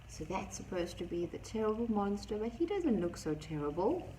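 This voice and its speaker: A teacher reading a picture book aloud to young children, expressive and gently animated. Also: female voice, medium pitch, moderate pace, noisy background. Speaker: primary school teacher.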